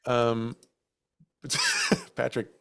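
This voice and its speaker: A man's voice: mid-range voice, monotone, drawn-out words, gravelly, bright, forceful tone, clean tone. Guy cohosting a ghost podcast, dry jokes, medium voice. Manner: wry, dry quips. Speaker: podcast co-host. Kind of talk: live podcast banter.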